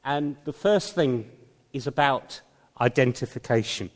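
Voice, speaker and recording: A man delivers a Sunday sermon at a measured, unhurried pace, with the occasional wry aside. His voice sits at an ordinary middle pitch. It rings out with the long reverb of a church hall. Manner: slow, deliberate preaching with light humor. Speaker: pastor.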